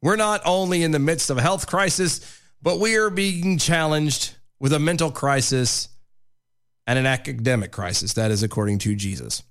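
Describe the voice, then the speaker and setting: A man's voice: fairly high pitch, normal speed, a bit bright, clean tone. A man co-hosting a talk radio show, reading news items aloud with sarcastic asides. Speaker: radio co-host.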